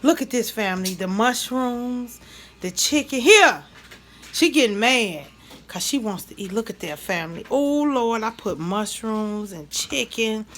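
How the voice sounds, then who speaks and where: Loud laughing woman vlogging in her kitchen. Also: fairly high pitch, expressive, unhurried. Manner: loud, laughing, swears freely, talks to viewers. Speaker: mukbang vlogger. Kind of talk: casual cooking vlog chat. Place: home kitchen.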